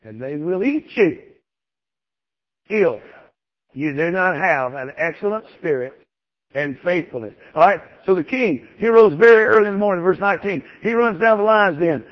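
A preacher gives a folksy, emphatic sermon, driving his points home through repetition in an expressive voice that sits high for a man. He speaks at a normal speed, and the recording is dull and dry with no echo or room sound.

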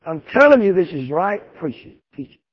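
A preacher delivers a folksy, emphatic sermon and hammers his points home through repetition. His voice sits high for a man. The recording is dull and dry, with little room sound. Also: sing-song, fairly quick, slightly rough, no room sound.

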